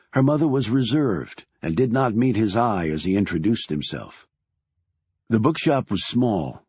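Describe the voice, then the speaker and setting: A man narrating an audiobook in a steady, measured storytelling manner. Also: on the low side, breathy edge, no echo. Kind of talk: scripted narration. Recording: dull lo-fi recording.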